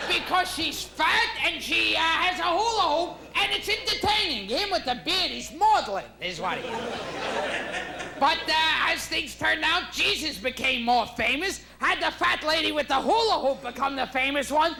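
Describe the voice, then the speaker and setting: Shrill shouting male comic, live crowd. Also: expressive, normal speed, vocal fry, noisy background. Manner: shouting, shrill and abrasive delivery. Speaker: stand-up comedian. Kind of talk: stand-up comedy. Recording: live club recording, echoey with crowd laughter. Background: audience laughter.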